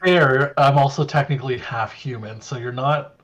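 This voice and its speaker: A man's voice: mid-range voice, moderate pace, dull audio, crowd noise. A man playing in a tabletop game, chatting casually in a dry, playful way. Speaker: player. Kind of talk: casual chat.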